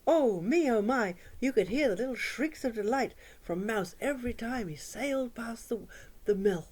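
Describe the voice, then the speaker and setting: A woman telling a children's story in an expressive, sing-song way, dropping to hushes for drama. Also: on the high side, moderate pace. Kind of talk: oral storytelling for young children.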